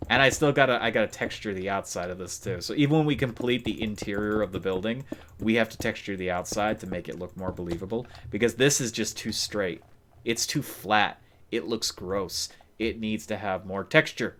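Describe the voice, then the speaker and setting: Low-voiced man rambling through a game stream. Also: moderate pace, a bit bright, slight background noise. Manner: rambling, talks to himself, chuckles often. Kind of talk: casual live-stream commentary while building in a game.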